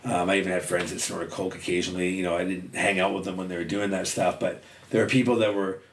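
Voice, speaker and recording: A man's voice: low voice, level tone, quick pace, gravelly, far from the mic. A man guesting on a podcast, talking candidly in a casual conversation and swearing freely. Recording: roomy sound, a little off-mic, faint noise.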